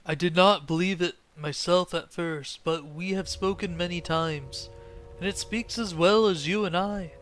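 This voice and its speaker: A man's voice: sits high, a little slow, fairly bright tone, faint music behind. A man voicing a rambling, half-mad old male quartermaster in a fantasy game. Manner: rambling, talks to himself.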